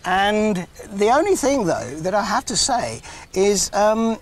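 A man's voice: high voice, sing-song, slow. Chatty older English man presenting. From England. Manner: chatty, jokey, self-deprecating. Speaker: wildlife TV presenter. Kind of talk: live nature broadcast. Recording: faint outdoor background noise.

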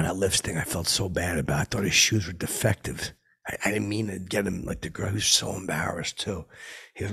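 A man voicing a tired, rambling, washed-up middle-aged pop singer with a gravelly, raspy voice, in an improvised comedy monologue. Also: low voice, fairly bright tone, full character voice. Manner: rambling, drifting, mumbled asides. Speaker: comedy character host.

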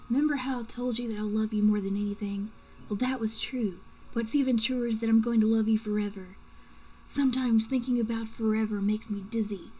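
A woman's voice: fairly high pitch, warm tone, slightly rough, poor audio. A woman reading aloud the love letters of a possessive young man, with mock drama.

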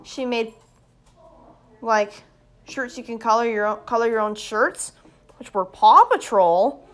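Excitable woman vlogging at home, a touch high-pitched, talks slowly. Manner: excitable, showing things off. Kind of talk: casual home vlog. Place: indoors at home.

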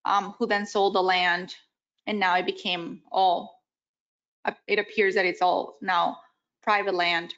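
A woman at a mid pitch speaks with a voice that is going hoarse. She talks in a measured, conciliatory way at a desk microphone in a municipal meeting room. The audio is slightly dull. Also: little pitch movement, fairly bright tone. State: losing her voice. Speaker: city board member. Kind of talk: public meeting discussion.

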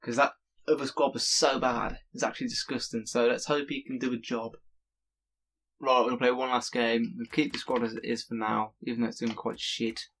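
A man talks through a video game as he plays. His voice sits at an ordinary middle pitch, and he swears freely and breaks into loud outbursts at the screen. A faint hiss runs under the recording. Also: fairly quick, vocal fry. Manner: excitable, swears often, bursts into shouts at the game. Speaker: gaming video creator. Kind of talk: live gameplay commentary.

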